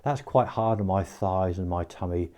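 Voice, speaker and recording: An older man chatting in a relaxed, self-mocking way as he talks through his daily home exercise routine. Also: low-pitched, normal speed. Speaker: home video diarist. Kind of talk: casual home video talk.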